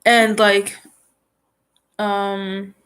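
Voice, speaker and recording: A woman rambles through a casual live stream, her voice stuffy from a runny nose. She talks loosely and keeps restarting her thoughts, circling back with filler words. Her pitch sits mid-range for a woman. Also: little pitch movement, drawn-out words, a bit bright, clear, resonant tone. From New York. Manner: chatty, rambling, restarts sentences often.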